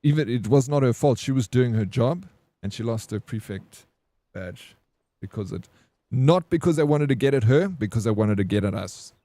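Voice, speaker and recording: A man's voice: mid-range voice, lively intonation, normal speed, dark tone, dry recording. A man casually telling a story to his stream chat, swearing and calling people bro. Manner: laid-back, swears, says "bro".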